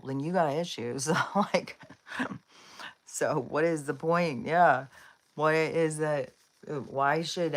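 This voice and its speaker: A woman hosting a live stream, rambling casually and chatting to her dogs between thoughts. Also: sits low. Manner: chatty and rambling, with frequent fillers and laughs; talks to her dogs in a coaxing voice.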